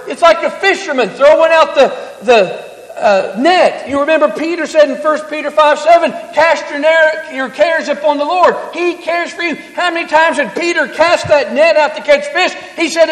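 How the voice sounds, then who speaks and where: A man preaching a sermon, swinging from hushed, quiet passages to loud, emphatic declarations. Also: extremely high pitch, expressive, moderate pace. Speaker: pastor. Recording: echoey hall.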